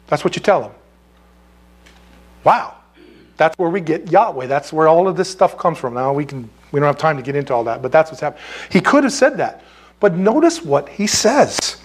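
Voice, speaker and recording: High-voiced impassioned preaching man. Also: animated, normal speed, breathy edge. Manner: impassioned, blunt, rhetorical questions. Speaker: pastor. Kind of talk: sermon. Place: air-conditioned church.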